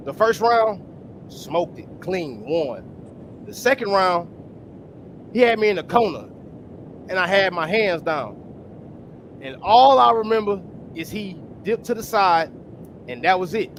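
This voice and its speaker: A man from the Houston area of Texas with a Texan accent, telling a lively story in a casual panel chat, acting out the voices of the people in it. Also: high voice, measured pace, pauses often, slight background noise. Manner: animated, acts out voices in stories, profane. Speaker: amateur boxer, panel guest.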